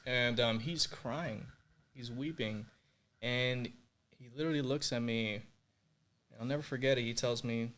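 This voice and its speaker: A young man tells his faith testimony on a podcast, earnest and openly emotional. He leans on filler words as he goes, speaking at an average pitch. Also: a little slow, pauses often, a bit bright. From Puerto Rico. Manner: earnest, emotional, many fillers like "like" and "you know". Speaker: podcast guest.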